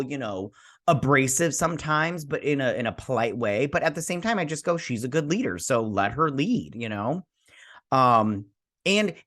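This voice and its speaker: A man's voice: mid-range voice, a bit bright. A man hosting a TV review show, recapping an episode in casual, rambling chat with self-deprecating asides. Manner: quickly acts out characters' lines. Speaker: TV review host.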